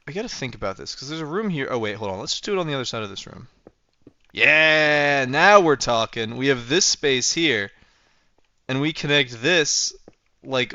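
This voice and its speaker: A man's voice: medium pitch, pushed and bright, dry recording, muffled recording. A young man livestreaming a game, chatting casually and rambling playfully as he thinks aloud while building. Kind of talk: casual gameplay livestream chat.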